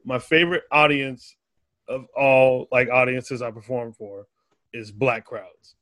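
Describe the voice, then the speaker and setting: This comedian guest speaks a little slowly in a mid-range voice, yet his storytelling on the laid-back podcast stays animated, full of profanity and frequent laughter. The recording is dry, without echo.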